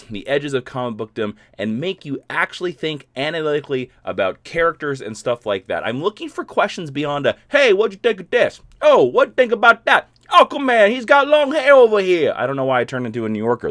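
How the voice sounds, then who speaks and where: A man's voice: mid-range voice, dry recording. Give me a playful man chatting to viewers on a live stream, in a dry, close recording. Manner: animated, rambling, playful. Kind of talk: casual live stream chat.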